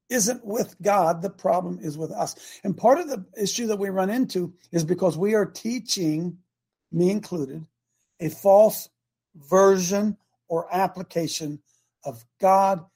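An older man with a gravelly, husky voice hosts a morning talk show. He preaches in a folksy, emphatic way, pushing some lines out loud and dropping others low. His tone stays plainspoken and conversational. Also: measured pace. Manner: folksy, emphatic, rises and drops loudness for effect. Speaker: host.

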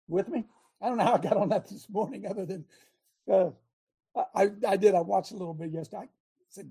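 A woman hosting a talk show, talking in an emphatic, rambling way, breaking off her own sentences and bursting into shouts. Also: mid-range voice, lively intonation, fairly quick, slightly rough. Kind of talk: animated talk show monologue.

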